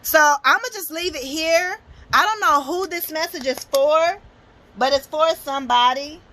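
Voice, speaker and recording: Young woman, high bright voice, blunt and swearing, preaching self-worth as a tarot reader. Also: unhurried. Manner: emphatic, profane, preachy. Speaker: motivational speaker and tarot reader. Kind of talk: blunt motivational tarot talk.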